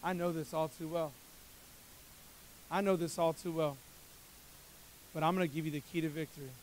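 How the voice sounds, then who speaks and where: High-voiced preaching pastor, man. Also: fairly even intonation, normal speed, a little hiss or hum. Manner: preaching with dramatic swings from loud to hushed. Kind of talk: sermon.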